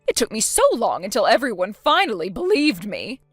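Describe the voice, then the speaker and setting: A woman's voice: medium pitch, sing-song, a little fast, husky, no echo, faint music behind. A woman voicing a scheming, spiteful elderly grandmother in a texting story, talking defensively and full of self-pity. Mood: indignant. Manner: defensive, indignant, self-pitying.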